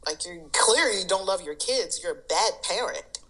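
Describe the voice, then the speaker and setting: A woman's voice: lowish voice, moderate pace, low-quality recording. A woman guest on a podcast, telling stories in casual chat and acting out what others said. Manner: animated storyteller, mimics others.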